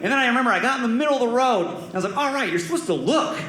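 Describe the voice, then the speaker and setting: High-voiced young man doing stand-up. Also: rapid-fire. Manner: animated, acts out voices and sound effects. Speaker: stand-up comedian. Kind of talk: stand-up storytelling. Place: comedy club stage before a live audience. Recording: roomy club with loud audience laughter.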